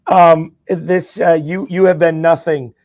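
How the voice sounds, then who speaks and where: A man's voice: a little high, little pitch movement, a little slow, darkish tone, no echo. A man talking as a podcast guest, eagerly making his points with frequent stammered restarts. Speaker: guest, fantasy football champion. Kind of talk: casual podcast chat.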